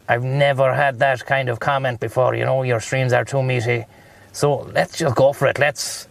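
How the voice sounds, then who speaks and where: Gravelly-voiced Irish man streaming from a car. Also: mid-range voice, dry recording. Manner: rambling, profane banter. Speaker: livestreamer. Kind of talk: casual chat while driving.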